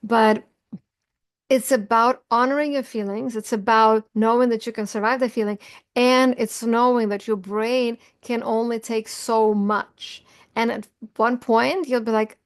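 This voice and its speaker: A middle-aged woman coach talks casually and earnestly to her viewers, smiling through a heavy subject. Her voice sits a little high. The sound is plain video call audio. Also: steady tone, moderate pace. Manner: earnest, warm-hearted, smiling while talking about grief. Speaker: self-help coach. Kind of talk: casual talk to camera. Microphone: video call recording.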